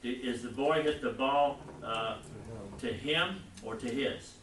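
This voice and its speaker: A man teaching a Bible class, lecturing in a rambling, halting way and putting questions to the class. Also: medium pitch, a bit bright, a little hiss or hum. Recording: echoey classroom recorded from far off.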